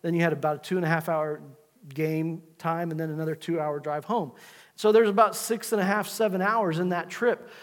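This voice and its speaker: A man's voice: a little high, fairly even intonation, moderate pace, in a large hall. A middle-aged man preaching a sermon in a church, with repeated exhortations and stories from his own life. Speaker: pastor. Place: church sanctuary.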